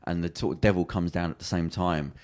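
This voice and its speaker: Brief: man, podcast co-host, rambling retelling of a TV plot with acted-out quotes; low voice, rapid delivery. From England. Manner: rambling, animated storytelling with acted quotes and restarts. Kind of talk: casual chat, retelling a TV plot.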